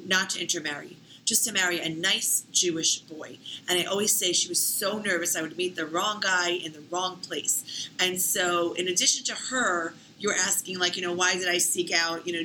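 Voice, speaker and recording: A woman, telling her story as an interview guest in a lively, talkative way full of "like" and "you know". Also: on the low side, slight background noise, low-quality recording. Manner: talkative, animated, many fillers like "you know" and "like".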